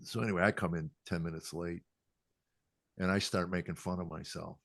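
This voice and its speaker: A man's voice: low voice, flat delivery, fairly quick, creaky, breathy edge, dry recording. An older man, a comedian, telling self-deprecating stories in a podcast interview. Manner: self-deprecating, quotes people in acted voices. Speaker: comedian guest.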